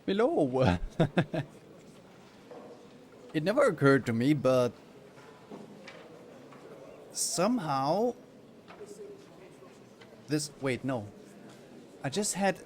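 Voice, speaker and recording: A man streaming a game and musing in casual commentary. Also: on the high side. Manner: musing, unhurried.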